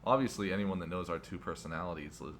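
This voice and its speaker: A man's voice: low-pitched, quick pace, fairly bright tone, slight background noise. A young adult man co-hosting a podcast in casual chat, rambling, laughing often and swearing casually. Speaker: podcast host.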